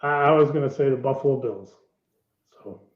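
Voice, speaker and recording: A man's voice: mid-range voice, a little fast, echoey room, muffled recording. A man in sales, a guest on a webinar, answering casually on a video call and often stumbling over repeated words.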